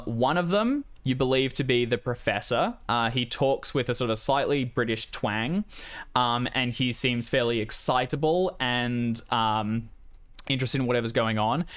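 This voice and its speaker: A man's voice: mid-range voice, a bit bright, smooth. A man running a tabletop game as game master, narrating casually with many fillers.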